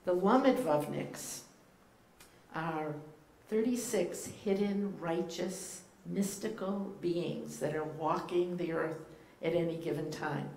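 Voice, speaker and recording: Low-voiced woman with a Boston accent. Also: takes it slowly, a little mellow. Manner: playful, teacherly, with frequent ums and uhs. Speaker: guest rabbi speaker. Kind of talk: informal sermon to a congregation. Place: church sanctuary. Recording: echoey room, faint background noise.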